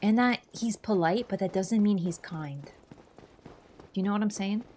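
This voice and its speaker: A young woman streams a casual, rambling chat with a sarcastic edge, her voice sitting at an everyday middle pitch. A faint room hum sits under her talk. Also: measured pace, a little mellow. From Canada. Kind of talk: casual livestream chat over gameplay.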